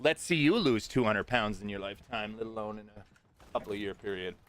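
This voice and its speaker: A man's voice: fairly low pitch, expressive, fairly quick, a bit bright. A middle-aged man streaming a game live, talking bluntly and with heavy swearing as he rants at his chat. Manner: profane, blunt, ranting.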